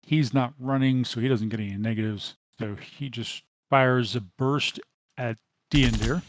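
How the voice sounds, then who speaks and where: A man running a tabletop role-playing game as game master, describing the action in a steady, measured way with frequent ums. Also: medium pitch, a little hiss or hum.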